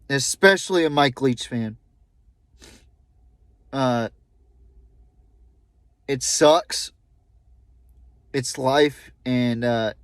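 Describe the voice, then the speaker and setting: A young man hosting a podcast, talking haltingly with many fillers and restarts, openly emotional. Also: mid-range voice, no room sound. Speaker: podcast host. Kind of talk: solo tribute podcast talk.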